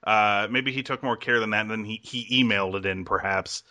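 A man's voice: lowish voice, fairly quick, pushed and bright. A man hosting a podcast in casual chat, rambling with frequent laughs and restarts. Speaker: podcast host.

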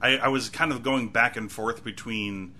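A man's voice: medium pitch, moderate pace, pushed and bright, slight background noise. A man co-hosting a casual TV recap podcast, rambling and self-mocking with many restarts. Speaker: podcast co-host.

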